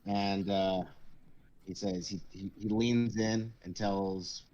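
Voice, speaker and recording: A man narrating as game master of a tabletop game, casual and halting. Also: lowish voice, fairly even intonation, darkish tone, muffled recording.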